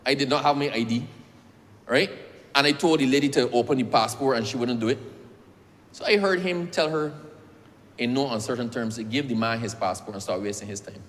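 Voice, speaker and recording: In a reverberant parliamentary chamber, a man with a mid-range, somewhat bright voice speaks a little fast. He's presenting a bill through a personal story, repeatedly calling the chair "sir."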